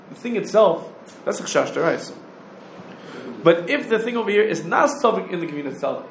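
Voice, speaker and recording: A religious law teacher delivers a Talmudic lecture in a fairly high voice, pressing each point with rapid questions and rising challenges. The room gives his voice a noticeable echo, with a faint ambient hum and slight background noise underneath.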